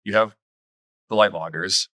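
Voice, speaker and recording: Frank, blunt brewer with a bright voice. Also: male voice, sits low, fairly even intonation, unhurried, dry recording. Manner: frank, blunt, swears casually. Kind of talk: casual podcast chat.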